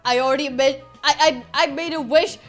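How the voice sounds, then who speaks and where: In this clip, a woman with a high-pitched, steady voice speaks at a moderate pace over faint background music. She's a gaming YouTuber role-playing a fed-up mom who has become a monster, delivering her lines in an exasperated, dramatic manner and frequently repeating herself.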